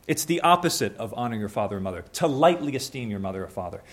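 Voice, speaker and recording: A young man preaching a sermon in a conversational way, acting out little scenes with quick changes of voice. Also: mid-range voice, big pitch swings.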